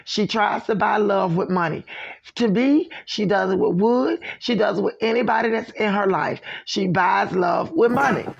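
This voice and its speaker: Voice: medium pitch, normal speed, gravelly. A commentator in their fifties reacting bluntly to a clip, talking straight to viewers and calling out behavior. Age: 50s. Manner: blunt, judgmental, addresses viewers as y'all. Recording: dull lo-fi recording.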